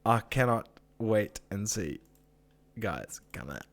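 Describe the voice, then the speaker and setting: A man's voice: lowish voice, very animated, slow pace, a bit bright. A man hosting a casual live chat, ranting with swearing and reading out viewer comments. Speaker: live-stream host.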